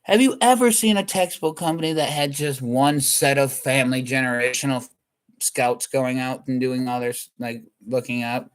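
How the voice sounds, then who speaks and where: A man's voice: mid-range voice, moderate pace. Man, mid-range voice, for a loose stand-up ramble that keeps interrupting and restarting itself. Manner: scattered, self-interrupting, restarts thoughts mid-sentence. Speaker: comedian. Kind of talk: rambling comedic monologue.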